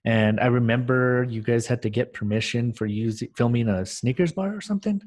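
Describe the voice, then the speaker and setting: A man's voice: medium pitch, a little fast, a little mellow. A man co-hosting a casual podcast, asking questions and teasing his friend playfully. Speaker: podcast co-host. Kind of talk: casual chat.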